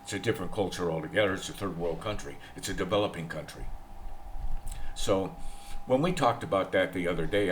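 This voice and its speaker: A man's voice: low-pitched, slight background noise. A man from the United States, older, talking in a rambling, opinionated vlog monologue and repeating himself. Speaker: vlogger. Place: in the Philippines.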